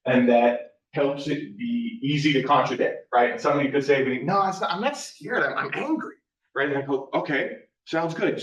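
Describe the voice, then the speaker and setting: A man giving a live workshop lecture, talking conversationally and tagging his points with a questioning "right?". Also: medium pitch. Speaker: workshop presenter. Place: classroom. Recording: distant roomy lo-fi classroom recording.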